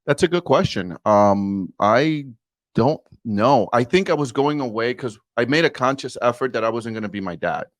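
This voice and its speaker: A man in his forties, mid-pitched, talks with conviction and leans on his words for emphasis. He tells his personal story candidly and calls the listener brother. The recording is dry and close, with no room sound. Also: lively intonation, moderate pace, no room sound. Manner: earnest, emphatic, addresses the host as brother. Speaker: podcast guest.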